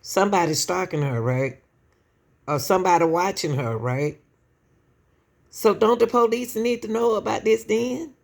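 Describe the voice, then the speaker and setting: A woman's voice: mid-range voice, animated, a little slow, vocal fry, pauses often. A woman hosting true-crime commentary who talks straight to her viewers with lots of rhetorical questions. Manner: keeps addressing the audience as y'all, asks rhetorical questions. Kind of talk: emotional casual commentary to viewers.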